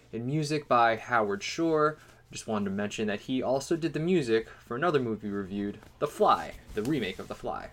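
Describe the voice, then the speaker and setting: A man's voice: mid-range voice, a bit bright. A man co-hosting a movie comparison show, reading the credits and chatting casually. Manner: upbeat, reads lists of credits. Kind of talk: casual podcast chat with scripted intro.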